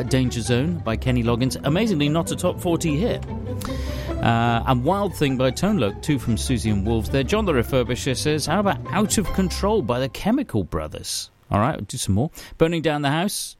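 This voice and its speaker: Talk it through like a local radio presenter, an easygoing man reading listener messages over background music. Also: mid-range voice. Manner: chatty, chuckling, offhand fillers.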